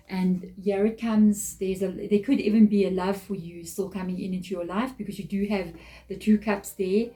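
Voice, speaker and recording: A woman's voice: mid-range voice, mellow, poor audio. Earnest, emotional woman reading tarot. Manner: emotional, earnest, repeats phrases. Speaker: tarot reader.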